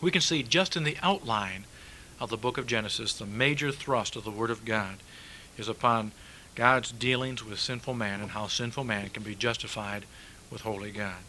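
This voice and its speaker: A man's voice: on the low side, normal speed, bright, forceful tone, slight background noise, rough recording. A man preaching a sermon, emphatic, repeating key words and asking rhetorical questions.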